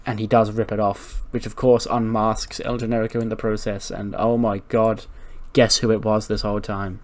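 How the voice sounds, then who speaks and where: A man's voice: lowish voice, little pitch movement, normal speed, a little mellow. A man hosting a gaming channel, narrating a let's-play in a rambling, casual way, swearing freely and laughing.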